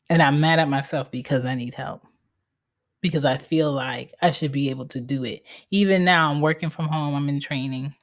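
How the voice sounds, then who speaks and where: A woman in her thirties hosting a casual solo podcast from home, talking candidly and bluntly and swearing freely. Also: low-pitched. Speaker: podcast host.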